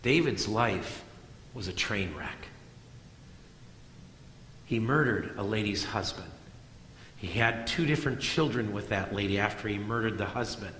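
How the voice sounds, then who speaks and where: A middle-aged man preaching a sermon as pastor, moving between loud emphatic lines and soft hushed ones. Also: fairly low pitch, lively intonation, unhurried, pauses often, slight background noise. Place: church sanctuary. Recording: echoey church hall.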